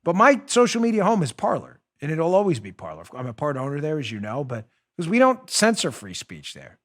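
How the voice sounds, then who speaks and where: A man's voice: on the high side, huge pitch swings, fairly quick, a bit bright. A middle-aged man, hosting a talk show in a combative, sarcastic monologue. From New York. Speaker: show host.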